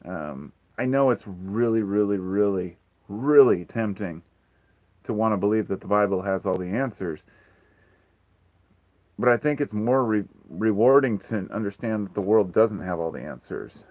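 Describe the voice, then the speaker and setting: A man's voice: on the low side, animated, normal speed, dry recording, lo-fi sound. A man hosting a casual livestream Q&A, talking frankly and rambling, swearing freely. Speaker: livestream host.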